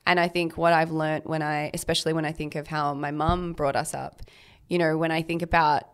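A woman's voice: low voice, little pitch movement, brisk, smooth. A woman co-hosting a podcast, a mother talking in a reflective, thoughtful way in casual chat, with frequent "like" fillers. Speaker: podcast co-host.

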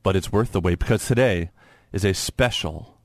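A man's voice: sits low, brisk, a little mellow, no echo, clean studio sound. A man hosting a radio quiz segment in casual banter, laughing often and explaining rules loosely. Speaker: quiz game host on sports radio.

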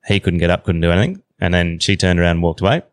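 A man in his thirties with an Australian accent, telling a story as a podcast guest in a relaxed, slangy way. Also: sits low, very fast, no room sound. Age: 30s. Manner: relaxed yarn-spinning, slangy. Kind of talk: casual storytelling.

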